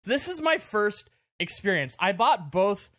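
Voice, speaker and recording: A man with a high voice tells a story on a podcast, loose and animated. He keeps breaking into laughter at his own misfortune. The sound is dry and close to the mic. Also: measured pace, dry recording. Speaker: podcast co-host. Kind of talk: casual storytelling chat. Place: podcast studio.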